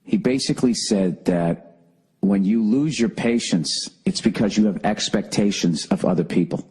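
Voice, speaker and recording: Husky-voiced man ranting profanely. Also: lowish voice, normal speed, a little mellow, rough recording. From United States. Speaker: podcast host. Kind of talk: solo comedic rant.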